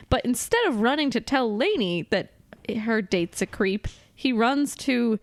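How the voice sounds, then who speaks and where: A woman's voice: medium pitch, lively intonation, a little slow, no echo. A woman co-hosting a casual podcast, recapping a film scene by scene, chatty and laughing often. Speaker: podcast co-host.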